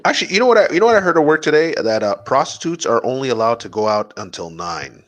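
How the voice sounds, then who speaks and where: Guy, swinging pitch, crude chatter. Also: fast. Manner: laughing, swearing, very lively pitch. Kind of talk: crude casual banter.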